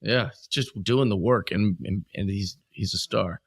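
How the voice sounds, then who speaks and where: A man's voice: fairly low pitch, measured pace, dry recording, studio quality. A man co-hosting a casual wrestling podcast, rambling and playful, with stumbling restarts. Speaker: podcast co-host.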